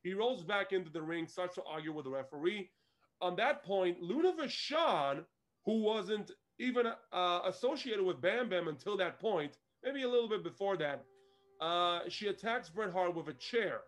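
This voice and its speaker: High-voiced man, animated co-host. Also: moderate pace. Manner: animated storytelling, laughs often. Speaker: podcast co-host. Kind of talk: casual chat reviewing a wrestling show.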